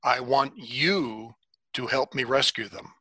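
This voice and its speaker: A man voicing God as a commanding divine voice, slow and solemn in a dramatic telling. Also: medium pitch, pushed and bright, breathy edge, dry recording, heavily acted. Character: commanding divine voice from a burning bush. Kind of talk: dramatic storytelling.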